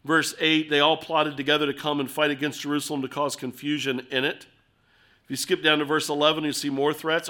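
A middle-aged man preaching an expository sermon, earnest and animated, acting out little scenes as he explains the text. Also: fairly high pitch.

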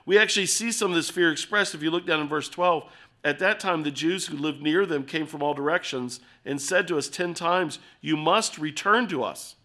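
A middle-aged man preaching an expository sermon, earnest and animated, acting out little scenes as he explains the text. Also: on the high side, moderate pace.

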